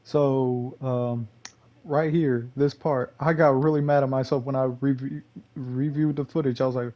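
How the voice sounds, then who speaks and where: A man's voice: medium pitch, steady tone, measured pace, mellow, lo-fi sound. A young man from Texas commentating on his own gameplay in a rambling, loose way, full of fillers and curses. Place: home gaming room.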